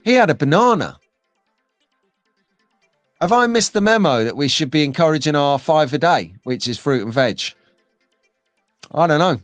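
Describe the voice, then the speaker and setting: A man's voice: fairly high pitch, lively intonation, normal speed, no room sound, soft background music. Chatty rambling male stream host. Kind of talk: live stream chat, reading viewer comments.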